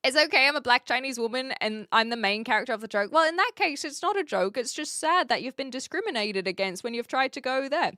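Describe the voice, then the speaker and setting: A woman from New Zealand chats with her live stream audience from an attic room, answering chat messages in a loose, self-mocking way. Her voice sits a little high and sounds bright and forward. The recording is close and dry, with hardly any room sound. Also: animated, quick pace, few pauses, dry recording. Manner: chatty, self-mocking, breaks into laughter. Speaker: livestreamer. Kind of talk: casual chat reading live chat.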